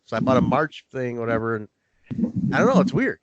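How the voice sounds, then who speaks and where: A man's voice: mid-range voice, sing-song, brisk, dry recording, lo-fi sound. A young man hosting a casual podcast, swearing loosely and acting out both sides of his own stories. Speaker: podcast host.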